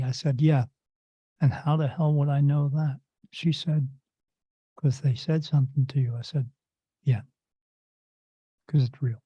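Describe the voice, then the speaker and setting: A man's voice: fairly high pitch, moderate pace, long pauses, breathy edge, no room sound, muffled recording. A man who works as a medium, telling stories casually in an interview and acting out the voices of the people in them. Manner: animated storyteller acting out quoted voices.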